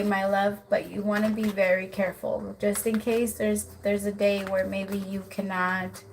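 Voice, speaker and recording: A woman's voice: mid-range voice, slight background noise. A woman giving a live-stream tarot reading, chatty, with many filler words, calling the viewer "my love". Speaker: tarot reader.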